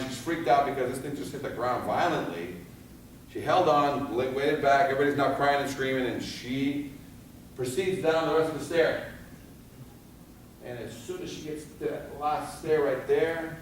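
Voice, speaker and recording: Animated male instructor in an echoey hall. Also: mid-range voice, far from the mic, a little hiss or hum. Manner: animated, asks the audience rhetorical questions. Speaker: fire escape safety instructor. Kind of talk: seminar lecture. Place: seminar room.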